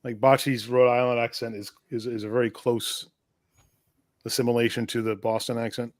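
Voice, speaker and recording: A man co-hosting a casual live stream, giving friendly shout-outs and thanks to viewers. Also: medium pitch, flat delivery, moderate pace, no echo.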